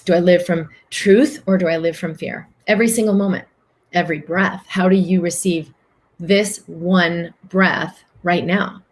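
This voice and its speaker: A woman's voice: on the low side, fairly even intonation, measured pace. A woman host talking earnestly on a live stream, reading out viewer comments and answering them in long flowing phrases.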